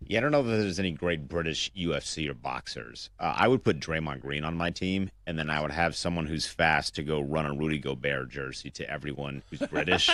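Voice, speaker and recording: A male co-host with an extremely deep voice, recorded close and dry in the studio. He spins his jokes in a relaxed, deadpan manner. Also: brisk, hardly any pauses, no echo. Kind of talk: casual studio banter.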